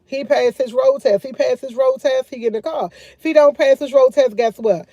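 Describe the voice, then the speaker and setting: Loud chatty woman on a livestream. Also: high voice, brisk, dry recording, lo-fi sound. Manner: loud, laughing, chatty storytelling. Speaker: livestream host. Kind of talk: casual livestream chat.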